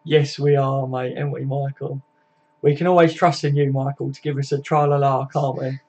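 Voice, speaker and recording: A man's voice: mid-range voice, flat delivery, normal speed, darkish tone. A young man hosting a casual live stream, chatting and reading out viewer comments, with lots of tag questions and "mate". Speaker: fan channel host.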